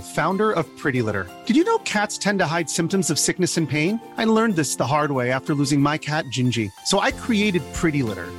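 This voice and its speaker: A man, a company founder, reading his own ad in an earnest, personal tone. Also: on the high side. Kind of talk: scripted ad read.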